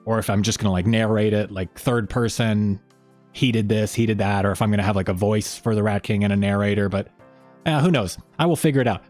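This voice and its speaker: A man's voice: mid-range voice, darkish tone. A man hosting a fan channel live stream, chatting in a rambling, friendly way and reading chat messages aloud.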